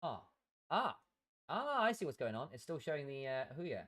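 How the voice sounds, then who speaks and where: A man's voice: a little high, very animated, normal speed, fairly bright tone. A man streaming a game live, chatting casually to viewers and muttering to himself while he fiddles with his settings.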